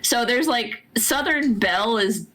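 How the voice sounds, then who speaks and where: A woman's voice: on the high side, animated, measured pace, a bit bright, low-quality recording. A woman in casual chat, talking animatedly about accents.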